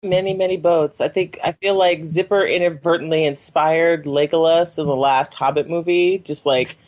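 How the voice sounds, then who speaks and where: A woman's voice: sits low, steady tone, moderate pace, a little mellow, dull audio. A woman co-hosting a podcast, chatting casually with sarcastic, emphatic complaints. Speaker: podcast co-host. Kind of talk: casual chat.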